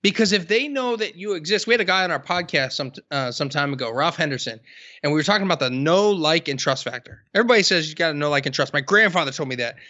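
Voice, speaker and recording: A man with a bright, forceful, slightly high voice chats on a podcast, stretching words for emphasis as he tells stories. The sound is dry and a little dull, with a lo-fi edge. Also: animated, dry recording. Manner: emphatic, storytelling, drawn-out stresses. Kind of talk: casual podcast conversation.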